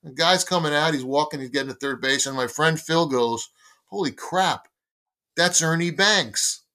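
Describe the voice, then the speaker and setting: Bright-voiced older man telling a story. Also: on the high side, normal speed. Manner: lively storyteller acting out dialogue. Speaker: guest, baseball magazine editor. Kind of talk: storytelling anecdote in conversation.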